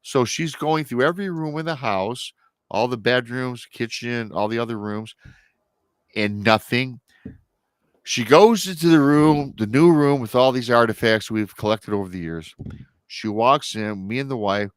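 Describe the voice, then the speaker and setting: A man in his thirties, a podcast guest, telling a personal paranormal story in a casual, animated way and acting out the people he quotes. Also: medium pitch, measured pace, clear, resonant tone, no echo. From Michigan.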